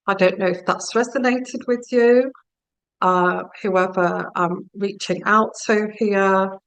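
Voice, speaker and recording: A woman with a gravelly, creaky voice gives a spoken tarot reading. She muses slowly and speaks straight to the listener as she gives her advice. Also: mid-range voice, fairly bright tone, poor audio. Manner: slow, musing, addresses the listener directly. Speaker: tarot reader.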